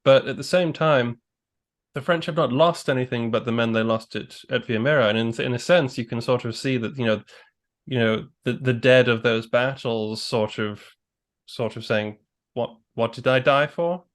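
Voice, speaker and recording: A man's voice: medium pitch, fairly even intonation, moderate pace. A man hosting a casual history discussion, thoughtful and rambling as he talks through his ideas aloud. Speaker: podcast host.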